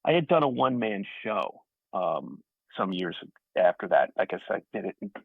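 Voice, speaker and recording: Gravelly, husky man from New York, guest actor telling stories, thin phone-line sound. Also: on the low side, big pitch swings, normal speed, no echo. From Staten Island, New York. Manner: rambling, self-deprecating storyteller. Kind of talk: casual interview conversation. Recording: tinny phone-like dry audio.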